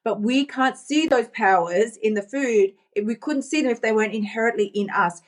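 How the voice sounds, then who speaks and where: A woman's voice: a little high, moderate pace. A woman coaching a group on weight loss, talking candidly and repeating phrases for emphasis. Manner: candid, repetitive, self-reflective.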